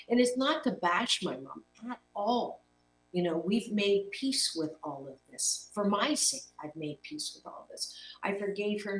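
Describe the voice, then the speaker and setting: A middle-aged woman hosting a talk show as a life coach, speaking earnestly and emphatically, sometimes repeating words as she searches for them. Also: lowish voice. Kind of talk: motivational talk to camera. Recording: echoey room heard from a distance, faint hum.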